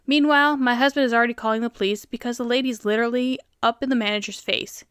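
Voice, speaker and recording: A woman with a Southern US accent who hosts a show reading online stories, animated and quick to laugh. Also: a little high, smooth, no room sound, clean studio sound. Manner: animated, laughs often, reads in voices. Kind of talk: casual storytelling and reaction.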